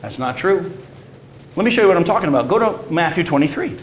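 Male preacher, fairly high voice, animated delivery that rises to loud peaks and drops low, recorded in an echoey room. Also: quick pace, a little hiss or hum. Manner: animated, swings from loud emphasis to low, quiet stresses. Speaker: pastor. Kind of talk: sermon with scripture reading.

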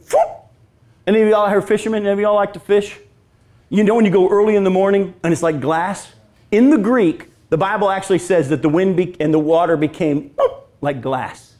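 A man preaching a sermon as pastor, acting out scripture lines and asking the congregation questions. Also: a little high. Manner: animated, acts out scripture lines, talks with congregation.

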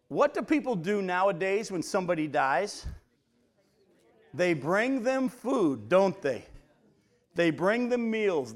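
A man preaching a Bible study sermon, talking conversationally and asking his listeners questions as he reads scripture aloud. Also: a little high. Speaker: pastor. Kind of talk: teaching sermon.

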